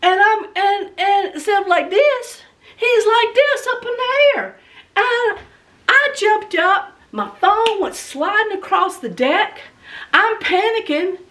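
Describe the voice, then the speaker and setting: Lady vlogger, real high voice, animated storyteller, sounds a bit far from the mic. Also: slow. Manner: dramatic, acts out scenes, talks to viewers.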